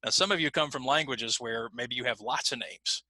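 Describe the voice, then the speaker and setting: American man, ESL teacher, very bright voice, dry close sound, deliberate explaining. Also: medium pitch, no room sound, poor audio. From United States. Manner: slow deliberate emphasis on examples. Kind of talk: online lesson explanation.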